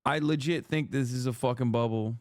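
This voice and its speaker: A man's voice: medium pitch, brisk, darkish tone, no room sound, clean studio sound. A man giving casual livestream commentary, ranting in disbelief with plenty of swearing and laughter. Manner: profane, incredulous ranting with frequent laughs.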